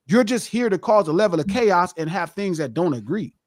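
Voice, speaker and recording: A middle-aged man hosts a live podcast in a heated, profane lecture. His voice sits high and leaps up and down with great animation. The sound is dry and close. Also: lively intonation, a little fast, no room sound. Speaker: podcast host.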